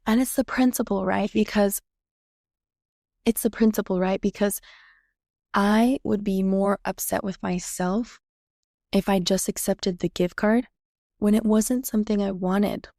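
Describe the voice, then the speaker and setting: A woman hosts her own podcast and tells a personal story in a casual, chatty way, slipping into the voices of the people in it. Her voice has a gravelly, fry-tinged edge. The sound is dry and close, with no room echo. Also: medium pitch, steady tone, measured pace, mellow. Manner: chatty, reenacts quoted dialogue. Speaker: podcast host.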